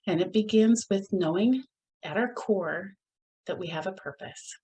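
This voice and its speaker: A woman hosting her own podcast, talking in an earnest, reflective way with pauses and restarts. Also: medium pitch, warm tone, low-quality recording. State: gets emotional at moments. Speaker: podcast host. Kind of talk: solo podcast talk.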